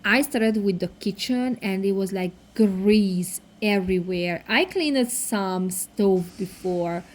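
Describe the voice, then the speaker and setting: A woman in her thirties with a foreign accent, narrating her cleaning vlog in a casual voice-over with halting, non-native phrasing and many fillers. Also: medium pitch. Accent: foreign accent in English. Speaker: cleaning vlogger.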